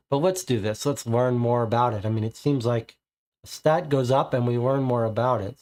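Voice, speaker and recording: A man's voice: mid-range voice, darkish tone. A man streaming a solo board game, reading card text aloud and working through his options to himself. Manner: deliberating, muttering options to himself.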